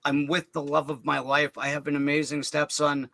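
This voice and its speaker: Middle-aged man, interview guest; earnest, halting storyteller, very bright tone, dry close sound. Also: fairly high pitch, completely flat delivery, gravelly, no room sound, poor audio. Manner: earnest, halting, repeats words when emotional. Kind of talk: personal storytelling.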